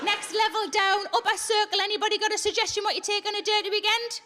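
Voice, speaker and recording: A woman's voice: very high-pitched, steady tone, quick pace. A woman comedian doing bawdy, chatty stand-up crowd work in a theatre, laughing at her own jokes. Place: large theatre on stage. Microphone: handheld stage mic. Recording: live theatre with loud noise.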